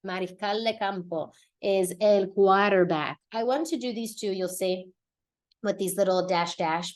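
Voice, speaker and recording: A young woman hosting a casual podcast lesson, chatty and lively, often laughing and correcting herself as she explains vocabulary. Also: on the low side. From United States. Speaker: Spanish teacher and podcast host.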